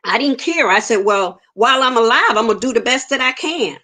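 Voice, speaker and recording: A woman's voice: fairly high pitch, animated, brisk, bright, forceful tone. A woman, giving an earnest personal testimony in an interview and acting out the dialogue she quotes. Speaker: interview guest.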